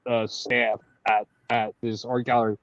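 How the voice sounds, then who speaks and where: A man's voice: mid-range voice, flat delivery, measured pace, vocal fry, a bit bright, no room sound. A man co-hosting a panel talk, speaking emphatically and with indignation. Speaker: co-host. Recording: dry, dull lo-fi sound.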